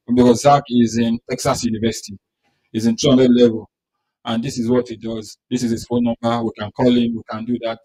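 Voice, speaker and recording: Man, gravelly and animated, chatty community speaker. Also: mid-range voice, low-quality recording. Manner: conversational, with many fillers. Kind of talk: informal talk to a mosque gathering.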